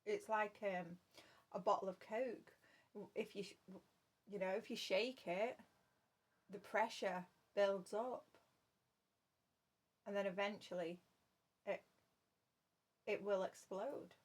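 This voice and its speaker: In a medium-pitched, steady voice, a tarot reader speaks slowly and pauses often as she does a reading for her viewers. She is earnest, repeats her phrases, and calls the listener "love."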